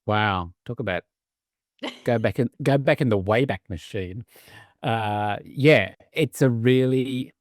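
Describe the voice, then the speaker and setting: A man's voice: mid-range voice, slow pace, no room sound, clean studio sound. Wry man, articulate business leader. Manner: articulate, wry and self-deprecating, with frequent restarts. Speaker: CEO of a business sustainability council. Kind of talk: podcast interview.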